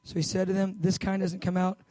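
A man preaching with a high, lively voice, acting out Bible scenes with loud bursts and soft asides. The sound is close and dry, with no room echo. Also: quick pace. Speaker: pastor. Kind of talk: sermon.

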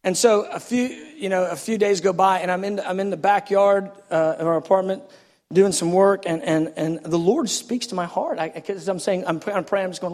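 High-voiced male preacher in an echoey hall. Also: moderate pace. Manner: animated, self-deprecating storytelling. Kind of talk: sermon storytelling.

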